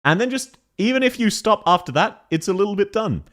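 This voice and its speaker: A man's voice: high voice, lively intonation, fairly quick, fairly bright tone. A young man chatting casually on a live stream while playing a game, laughing often and answering chat.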